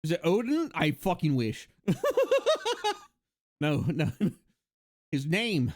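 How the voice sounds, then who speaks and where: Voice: mid-range voice, sing-song, slow, darkish tone. A livestreamer in casual chat, rambling and joking with many fillers and laughs.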